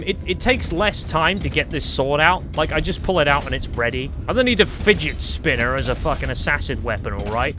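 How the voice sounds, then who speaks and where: A man's voice: a little high, pushed and bright. A young man giving casual, jokey, sweary commentary while he plays a game. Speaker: gameplay commentator.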